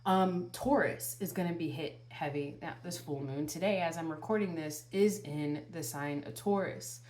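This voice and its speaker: A woman's voice: deep voice, moderate pace, darkish tone. A woman tarot reader speaking earnestly to her viewers, asking one rhetorical question after another and repeating phrases as she gives spiritual guidance. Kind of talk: channeled spiritual guidance monologue.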